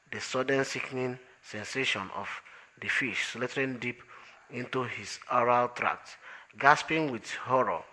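Guy narrating an audiobook, slow and measured, bright clear tone. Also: mid-range voice, poor audio. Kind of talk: audiobook reading.

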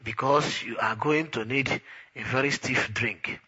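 A man's voice: mid-range voice, measured pace, pushed and bright, breathy edge, muffled recording. A man voicing an urgent, insistent friend who keeps pressing his point. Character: urgent, distracted male friend, adult.

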